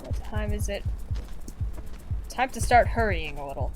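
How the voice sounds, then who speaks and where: A young woman commenting on a video game as she plays, excitable, chanting and shrieking at the screen. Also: medium pitch, unhurried, over music, poor audio. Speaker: gamer. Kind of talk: let's-play commentary.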